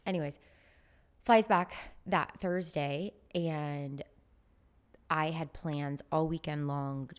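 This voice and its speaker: A woman with a low-pitched voice recounts a dating story on a podcast. She talks in a chatty way, dropping "like" often and slipping into the voices of people she quotes. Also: fairly even intonation, slow pace, clean tone. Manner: chatty, frequent "like" fillers, acts out quoted dialogue. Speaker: podcast guest. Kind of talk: casual chat, storytelling.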